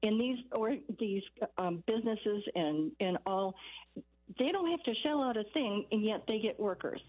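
Older lady calling a radio show, kinda husky, rambles a lot, muffled phone sound. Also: mid-range voice, animated, normal speed. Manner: rambling, with many fillers and restarts. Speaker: caller. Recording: dull lo-fi phone line.

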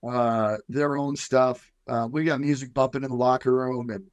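Halting, earnest football coach, man. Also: mid-range voice, level tone, smooth, dry recording. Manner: earnest, halting with many fillers. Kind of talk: casual radio interview.

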